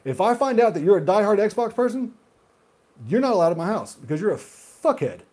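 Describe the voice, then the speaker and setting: Husky man ranting with big pitch swings. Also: sing-song, fairly quick. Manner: heated, profane ranting; swings between loud outbursts and muttered asides. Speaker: gaming video host. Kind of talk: solo rant monologue.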